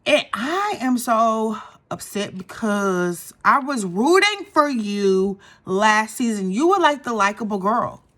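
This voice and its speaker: A young woman recaps a reality show in a loose, gossipy chat. Her voice is bright and fairly high. She stays animated throughout and slips into voices when she quotes the cast. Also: slow. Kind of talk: casual chatty show recap.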